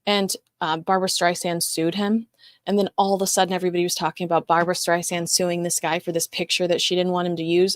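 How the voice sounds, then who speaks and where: A woman's voice: lowish voice, no room sound, clean studio sound. A woman hosting a casual livestream, chatting and reading viewer comments in a rambling, talkative way. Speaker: show host reading live chat.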